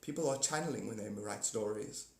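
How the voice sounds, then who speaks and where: A man's voice: lowish voice, fairly quick, vocal fry, a little mellow. A man hosting a livestream and chatting with viewers in a rambling, casual way, jumping between topics and laughing often. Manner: giggly, jumps between topics, talks to viewers by name. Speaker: livestream host. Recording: echoey room.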